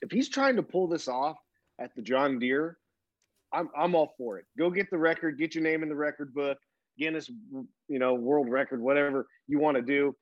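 Man giving steady opinions on a dull line. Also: fairly high pitch, dry recording. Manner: measured, reasoning out his opinion. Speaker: podcast co-host. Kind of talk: casual chat.

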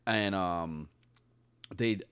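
A man co-hosting a podcast in a casual, animated, joking way and swearing freely. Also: sits low, drawn-out words, clean tone. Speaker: podcast co-host. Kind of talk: casual chat.

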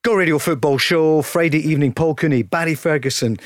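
A man hosting a football radio show, upbeat with brisk presenter patter. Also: on the high side, dry recording, clean studio sound. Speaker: radio host.

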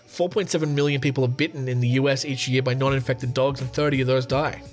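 A man's voice: medium pitch, steady tone, quick pace, soft background music. A man hosting a podcast, reading out quiz questions and joking through his answers. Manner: joking, reads questions aloud and answers himself. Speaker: podcast host. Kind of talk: casual chat reading a quiz.

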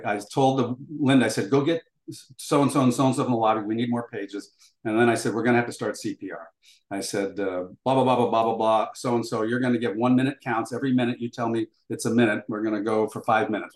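An older interview guest with a fairly low voice shares a story with an interviewer, acting out snippets of dialogue and relying on fillers. His voice rings noticeably in a roomy, echoing space.

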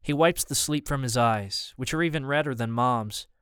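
A man giving first-person scripted audiobook narration in an even, measured way. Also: mid-range voice, clear, resonant tone, no echo, studio quality.

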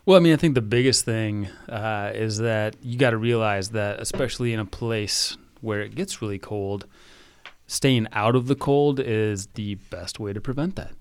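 A man's voice: fairly low pitch, normal speed, clear, resonant tone, dry recording. A man on a medical podcast giving advice in a matter-of-fact way. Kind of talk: casual podcast chat.

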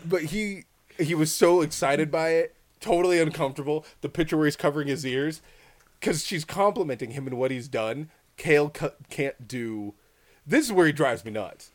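A man in his thirties telling stories in casual chat, animated and profane, acting out the other people in his stories. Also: fairly high pitch, moderate pace. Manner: animated, swears freely, acts out voices in his anecdotes. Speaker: podcast co-host, father.

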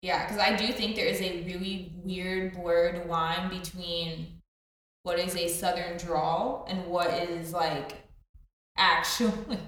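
A woman's voice: fairly low pitch, fairly even intonation, slow, a bit bright. A woman from the American South co-hosting a podcast, talking casually and animatedly with lots of fillers and laughter. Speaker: podcast co-host. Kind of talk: casual chat. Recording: echoey room, mic at a distance.

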